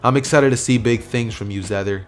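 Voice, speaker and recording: A man putting on a strict, weary teacher who lays down the law in a flat, stern tone. The delivery stays low-key, part of a homemade fan story. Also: fairly quick, faint music behind, lightly acted.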